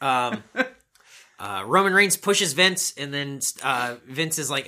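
A man's voice: mid-range voice, expressive, a little slow, pushed and bright. A man co-hosting a podcast, rambling through a casual play-by-play recap with swearing tossed in. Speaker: podcast co-host. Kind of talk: casual wrestling recap chat.

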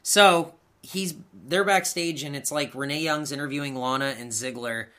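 A man's voice: fairly high pitch, moderate pace, bright, forceful tone. A man co-hosting a podcast, recapping wrestling in casual chat with sarcastic, exasperated remarks and plenty of swearing. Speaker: podcast co-host.

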